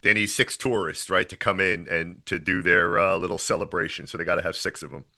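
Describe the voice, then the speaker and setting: A man's voice: deep voice, a little fast, vocal fry. A man co-hosting a podcast, retelling a horror movie in casual, profane, laughing chat. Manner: profane, laughing, animated storytelling. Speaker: podcast co-host.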